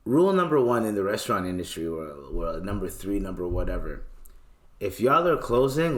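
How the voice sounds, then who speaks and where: A young man with a Toronto accent, hosting a podcast, ranting in a casual, profane storytelling style with sudden loud outbursts. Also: on the low side. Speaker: podcast host.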